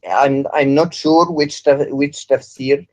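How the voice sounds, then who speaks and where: A man defending his view in a heated religious debate, halting and asking for time to answer. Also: fairly high pitch, steady tone, low-quality recording. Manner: defensive, halting, asks for a second.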